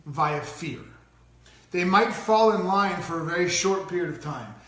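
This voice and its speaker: A man's voice: high voice, expressive, a little slow, a bit bright, reverberant. A middle-aged man co-hosting a casual parenting talk, telling stories animatedly and mimicking voices. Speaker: co-host.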